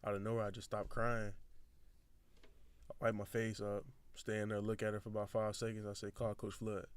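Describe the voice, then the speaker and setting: A man's voice: on the low side, moderate pace, clean tone, no room sound. A young man, a football recruit, telling a long story in casual chat and acting out the dialogue. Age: young adult. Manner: animated, acts out quoted dialogue.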